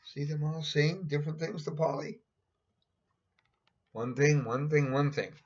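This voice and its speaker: Husky man reading a picture book aloud. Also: on the high side, unhurried. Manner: chatty, adds asides and pointing out pictures. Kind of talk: casual storybook read-aloud. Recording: dull lo-fi recording.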